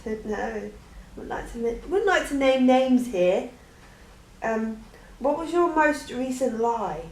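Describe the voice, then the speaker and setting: A chatty woman who rambles through her answers and keeps stopping to restart. Her voice sits a bit high and echoes in a bare room. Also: lively intonation, slow pace, a little mellow. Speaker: vlogger. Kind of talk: casual Q&A chat.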